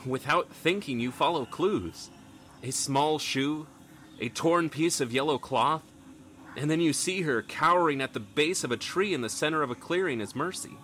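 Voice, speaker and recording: A man's voice: a little high, moderate pace, fairly bright tone, a little hiss or hum. A man narrating a tabletop role-playing game as game master, telling the story in dramatic second person.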